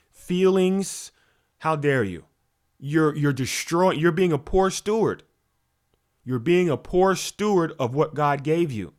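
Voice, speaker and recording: This spiritual coach's motivational talk comes in a fairly high voice with lively intonation, delivered slowly. Preachy and heavy on rhetorical questions, he keeps restarting and doubling back on his words.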